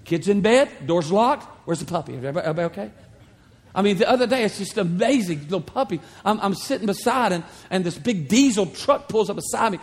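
A man preaching a sermon as a pastor, retelling the story in a conversational, animated way with humorous asides. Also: sits high, quick pace, slightly rough. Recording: long hall reverb.

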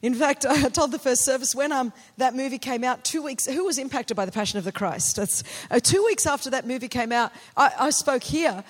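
A middle-aged woman from Australia, a pastor preaching a sermon with personal stories, animated and building to passionate, shouted declarations. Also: sits high, fairly quick, few pauses.

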